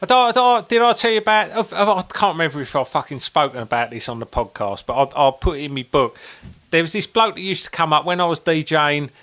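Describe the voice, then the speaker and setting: A man tells crude anecdotes on a podcast, swearing freely as he acts out every quote. His voice sits high and bright, and it swoops up and down with lively energy. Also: fast talker. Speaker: podcast co-host. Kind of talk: casual storytelling chat.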